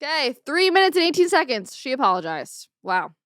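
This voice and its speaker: A woman's voice: sits high, big pitch swings, a little fast, a bit bright, dry recording, studio quality. A woman hosting a commentary show, speaking in an earnest, opinionated way about faith. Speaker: host.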